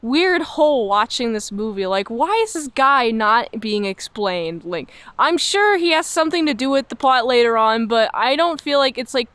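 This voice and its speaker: A young woman talks through an episode review in a relaxed, chatty way, sounding exasperated and slipping into quick character asides. Her voice sits fairly high and comes across smooth and clear. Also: no room sound. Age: young adult. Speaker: show host reviewing a TV episode. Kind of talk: casual spoken review.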